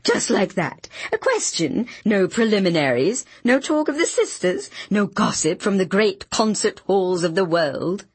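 A woman voicing a tiny, flamboyant man who gushes theatrically about music, with a husky voice. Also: mid-range voice, big pitch swings, measured pace, hardly any pauses, no room sound. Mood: gushing. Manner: theatrical, gushing exclamations.

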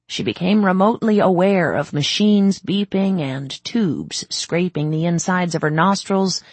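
A woman narrating an audiobook in a measured, even way. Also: low-pitched, creaky, husky, no room sound. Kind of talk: scripted narration.

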